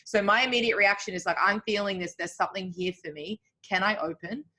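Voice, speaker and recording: A woman's voice: mid-range voice, a little fast, bright, forceful tone. A woman talking openly as a guest in a casual conversation, reflective, with many filler words. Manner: open, reflective, heavy use of filler words.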